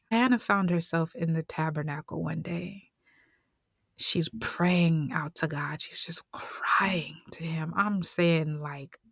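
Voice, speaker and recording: A woman's voice: fairly low pitch, no echo, clean studio sound. A woman retelling a story in a conversational, slangy way with whispered asides.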